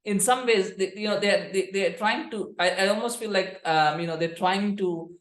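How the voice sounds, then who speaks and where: A man's voice: sits high, moderate pace, a bit bright, reverberant. A man hosting a football podcast, giving rambling, sarcastic commentary full of restarts and fillers. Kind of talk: casual commentary.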